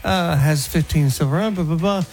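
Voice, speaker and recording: A man hosting a radio talk show, joking and telling stories in a casual, animated way from the studio. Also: on the high side, moderate pace, soft background music. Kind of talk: casual sports radio chat.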